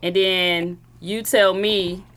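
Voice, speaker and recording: A woman's voice: medium pitch, slow, crowd noise. A woman telling a story in a casual group chat, acting out the people she quotes. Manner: animated storyteller, acts out quotes. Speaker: host.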